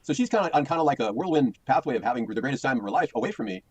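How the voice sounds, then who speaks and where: A man's voice: medium pitch, very animated, rapid-fire, a little mellow, husky, poor audio. A middle-aged American man, rambling and defensive, repeating himself as he complains about his personal life. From United States.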